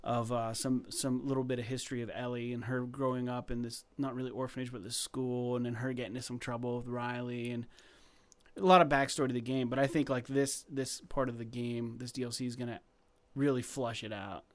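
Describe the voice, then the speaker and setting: Male co-host, loose excitable gamer chatter, rambles and restarts. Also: mid-range voice, a little fast. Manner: rambling, filler-heavy, excitable. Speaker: podcast co-host. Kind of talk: casual gaming chat.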